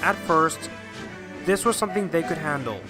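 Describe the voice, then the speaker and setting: A man narrating a scripted storybook tale in a brisk, even manner. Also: a little high, music in the background.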